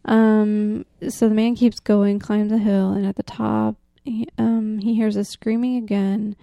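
A woman co-hosting a podcast, casually telling a folklore story, often dropping to a hushed whisper and laughing easily. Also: mid-range voice, flat delivery, a little slow, creaky, hardly any pauses, no echo, highs cut off. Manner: drops to a hushed whisper for the spooky parts. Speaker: podcast co-host.

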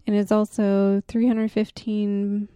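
A woman's voice: mid-range voice, flat delivery, takes it slowly, dark tone, clear, resonant tone, no echo. A woman co-hosting a casual podcast, telling a story with lots of fillers and easy laughs. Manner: chatty storyteller, many fillers, laughs easily. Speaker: podcast co-host. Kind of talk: casual chat.

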